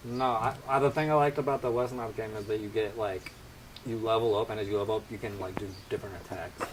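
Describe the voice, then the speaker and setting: A man's voice: on the low side, steady tone, fast talker, background noise. A man joining a podcast as a guest, chatting casually in a wry, joking way.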